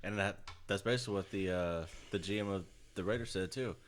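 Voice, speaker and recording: A man with a lowish voice co-hosts a casual sports chat. He backs up his partner with short agreeing remarks and laughs along. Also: fairly quick, slight background noise. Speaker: podcast co-host.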